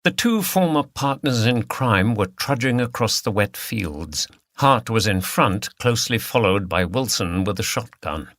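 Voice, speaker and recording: A man reading a mystery audiobook as its narrator, in a measured storytelling manner. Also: lowish voice, expressive, fairly bright tone, dry recording, clean studio sound. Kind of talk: scripted narration.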